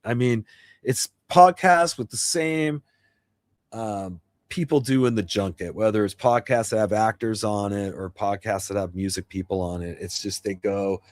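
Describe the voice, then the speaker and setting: A man hosting a casual live stream, chatting in a rambling way with restarts and sudden excited bursts. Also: fairly low pitch, measured pace, no room sound. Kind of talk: casual livestream chat.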